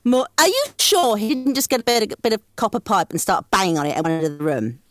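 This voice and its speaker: A woman's voice: medium pitch, lively intonation, fast, no room sound, studio quality. A British woman guesting on a comedy podcast, chatty and theatrical.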